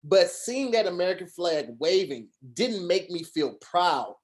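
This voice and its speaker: A man's voice: high voice, very animated, measured pace. Earnest rambling man on a video call. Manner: earnest, rambling, many restarts and fillers. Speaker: podcast co-host. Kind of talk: casual chat.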